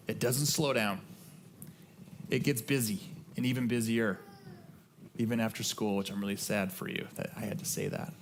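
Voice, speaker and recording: Slight background noise accompanies a middle-aged pastor's mid-range voice as he preaches in a church sanctuary. His delivery is earnest and conversational, with key phrases repeated for emphasis.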